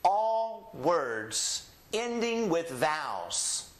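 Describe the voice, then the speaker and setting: Male Spanish teacher, slightly high voice, slow drilled examples, echoey room. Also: very animated. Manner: slow, drawn-out model pronunciations for students to repeat. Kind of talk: language lesson.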